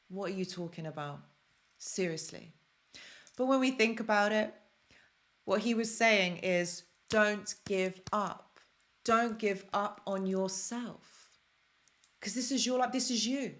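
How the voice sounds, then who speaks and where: A woman's voice: a little high, fairly bright tone. Earnest woman giving a motivational live-stream talk. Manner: earnest, emotional, repeats phrases for emphasis. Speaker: self-help host.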